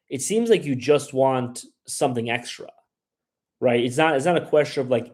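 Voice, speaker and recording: On his travel livestream, this host answers viewers' questions in a loose, rambling chat peppered with "like" and "you know what I mean." His mid-range voice is a little mellow at a normal speed, and he does voices when quoting others.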